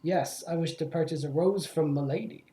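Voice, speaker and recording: A man's voice: fairly high pitch, normal speed, dark tone, reverberant, close to an everyday voice. A man voicing a dim, blundering young male sparrow who speaks in a blurting, pompous way.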